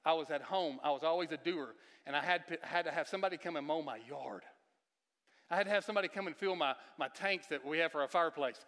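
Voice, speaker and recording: A man preaching a sermon as a guest speaker. He talks emphatically, often repeats and restarts his words, asks the audience questions, and moves between near-shouts and hushed confessional tones. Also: on the high side, fast talker. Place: church sanctuary. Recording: long reverb of a large church hall.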